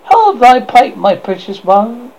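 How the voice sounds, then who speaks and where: Old witch woman, cackling and doting, put on by a male reader; gravelly, sharp, swooping pitch. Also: very animated, takes it slowly, exaggerated voice. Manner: sharp high tone. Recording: dull lo-fi with faint noise.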